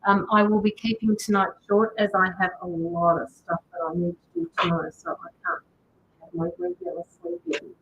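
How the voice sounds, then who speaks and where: A woman's voice: mid-range voice, lively intonation, brisk, vocal fry, lo-fi sound, slight background noise. An Australian woman hosting a tarot livestream, chatting casually and greeting viewers as she reads out their comments. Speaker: tarot reader and livestream host.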